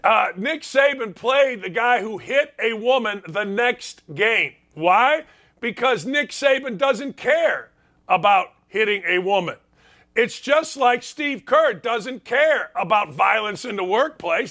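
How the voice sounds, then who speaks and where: Sports talk host, older man, emphatic and sarcastic, high bright voice, home basement studio. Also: animated, takes it slowly. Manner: emphatic, ranting, fired-up. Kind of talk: opinionated sports commentary.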